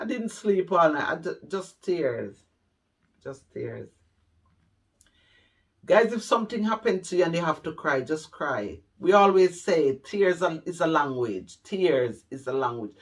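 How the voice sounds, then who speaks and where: A middle-aged Jamaican man telling his life story to camera, heartfelt and repeating phrases for emphasis. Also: mid-range voice. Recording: voice a bit distant from the mic.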